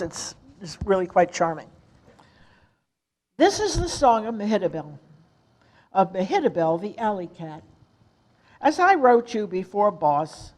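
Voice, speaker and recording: An older woman reading poetry aloud in a measured way at a retirement community. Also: on the low side, a little mellow, poor audio. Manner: slow, measured recitation. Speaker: resident reader.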